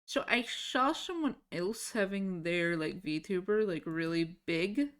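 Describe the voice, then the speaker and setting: A woman's voice: lowish voice, animated, slow, clear, resonant tone. Chatty, scatterbrained woman streamer. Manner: chatty, scattered, swears casually. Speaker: livestreamer. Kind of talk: casual live-stream chat.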